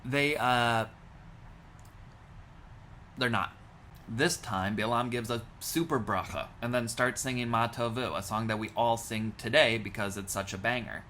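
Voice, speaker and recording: Wry, bright-voiced male rabbi. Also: medium pitch, measured pace, a little hiss or hum. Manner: wry, deadpan asides. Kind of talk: comic retelling of scripture.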